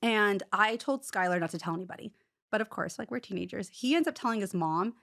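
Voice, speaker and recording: A woman telling her own story as an interview guest in casual, animated talk, peppered with "like" and quick restarts. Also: medium pitch. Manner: rapid, animated retelling full of "like" fillers and restarts.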